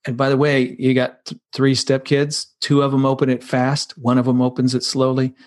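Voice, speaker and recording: A man's voice: mid-range voice, completely flat delivery, normal speed. A man as a podcast guest, earnestly explaining blended family life with vivid everyday images. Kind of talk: conversational podcast advice.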